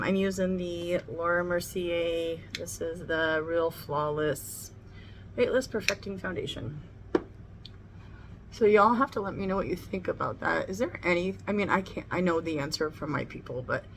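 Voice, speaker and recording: A woman's voice: lowish voice, slight background noise. A middle-aged woman chatting bluntly and casually while doing her makeup at home, swearing freely as she talks. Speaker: beauty vlogger. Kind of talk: casual get-ready-with-me chat. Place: home room near the kitchen.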